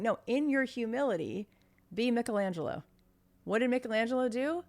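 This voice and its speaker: A middle-aged woman speaking as a podcast guest, talking in an animated way, acting out quotes and sometimes dropping to a whisper. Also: on the high side, fairly quick. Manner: animated, acts out quotes, drops to a whisper for emphasis. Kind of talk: conversational podcast interview.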